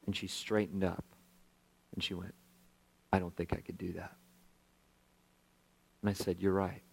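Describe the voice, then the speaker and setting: A man's voice: low-pitched, flat delivery, unhurried, gravelly, breathy edge, rough recording. A male pastor telling a story in a sermon, acting out the voices of the people in it.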